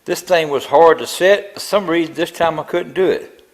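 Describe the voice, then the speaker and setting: A man's voice: on the high side, moderate pace, poor audio. An older man, talking through a tractor build in his machine shop in a rambling, grumbling way. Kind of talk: casual workshop vlog.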